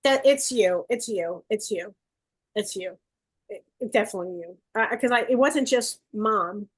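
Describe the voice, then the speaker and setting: A woman giving a psychic gallery reading over a video call, coaxing and relaying messages in quick bursts. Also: mid-range voice. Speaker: psychic medium. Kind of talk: live online gallery reading.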